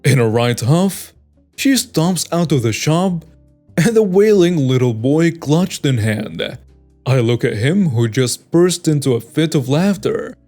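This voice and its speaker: A man narrating online stories in a plain, steady reading voice. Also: on the high side, measured pace, soft background music. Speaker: story narrator.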